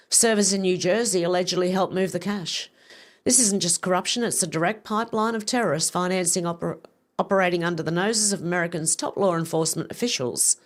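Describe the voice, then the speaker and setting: Woman, livestream host; casual news commentary, blunt and profane. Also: fairly low pitch. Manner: reads posts aloud with blunt, profane asides.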